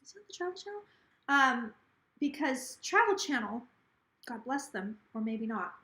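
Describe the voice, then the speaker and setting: A woman's voice: high-pitched, very animated, normal speed, pushed and bright, roomy sound. A tipsy woman hosting a casual psychic livestream on her phone, rambling and gossipy, swearing freely and slurring a little.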